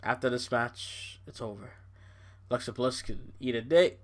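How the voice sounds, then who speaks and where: A young man hosting a casual wrestling podcast, ranting in an exasperated, animated way with frequent swearing. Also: medium pitch, normal speed. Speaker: podcast host.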